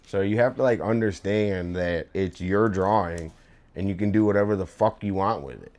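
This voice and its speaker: A man's voice: low-pitched, normal speed, darkish tone. A young man chatting casually while he draws, telling a rambling story full of fillers and swearing. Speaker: streamer and artist. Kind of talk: casual chat while drawing. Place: home room.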